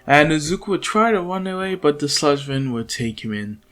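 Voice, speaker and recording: A man's voice: on the high side, expressive, brisk, a bit bright. A man casually telling a made-up fan story in a loose, chatty way, with slang and fillers. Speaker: channel host, storyteller. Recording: faint background music.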